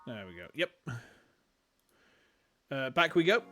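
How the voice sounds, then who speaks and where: A man's voice: mid-range voice, very animated, takes it slowly, sharp tone, faint music behind. A man streaming a game in casual chat, joking, swearing and laughing often.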